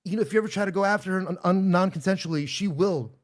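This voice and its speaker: A man riffing in animated, rambling jokes with sound effects in a casual podcast chat. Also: high voice, very fast.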